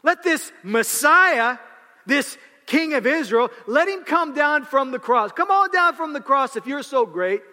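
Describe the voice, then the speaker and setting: A man preaching, voicing a mocking crowd that shouts taunts, with long hall reverb. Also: extremely high pitch, very animated, measured pace, pitched above the performer's own voice, exaggerated voice. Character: jeering crowd of men mocking a prisoner.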